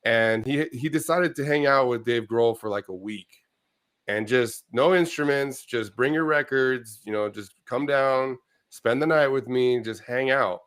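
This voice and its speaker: A man's voice: mid-range voice, measured pace, a bit bright, clean tone. A man hosting a casual interview, setting up his questions with a loose, rambling lead-in. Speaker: interview host.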